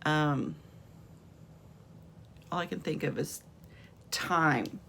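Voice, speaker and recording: A woman teacher giving a patient home video lesson on phonics, sounding out letters and words slowly from her room. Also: low voice, gravelly, fairly bright tone, a little hiss or hum.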